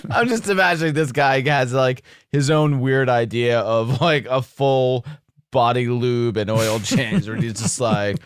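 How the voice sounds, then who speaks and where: A man's voice: medium pitch, fairly even intonation, measured pace, smooth, no room sound, clean studio sound. A man co-hosting a comedy podcast, mocking a critic with crude humor and frequent giggles. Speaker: podcast co-host. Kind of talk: casual comedic banter.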